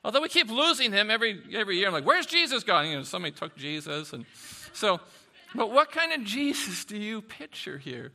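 A man preaching a sermon in an animated, conversational way, swinging from soft asides to loud bursts. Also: high-pitched, a little fast, creaky. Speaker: pastor.

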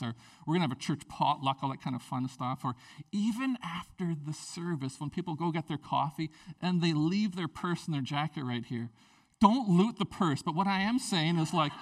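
A man, a pastor, preaching a sermon in a church, swinging between loud, animated bursts and quiet asides with a playful tone. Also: a little high, far from the mic. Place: church sanctuary.

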